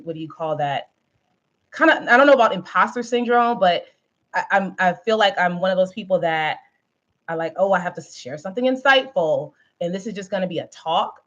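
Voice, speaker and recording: A woman's voice: lowish voice, dull audio. A woman hosting a live stream, chatting casually with viewers in a rambling way, with lots of fillers and frequent laughs. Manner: laughs often while talking.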